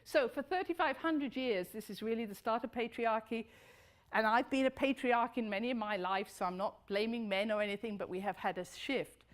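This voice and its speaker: Animated woman lecturing with wide swoops. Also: a little fast. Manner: animated, swoops high for emphasis and drops low and soft. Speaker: speaker giving a talk. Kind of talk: lively lecture to an audience.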